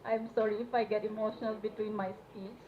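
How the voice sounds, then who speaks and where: A woman's voice: mid-range voice, little pitch movement, brisk. A young woman from Manipur giving an earnest, hesitant public speech as a student representative, with many fillers. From Manipur, India. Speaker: student representative speaking at a solidarity event. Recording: tinny phone-like live stream with faint noise.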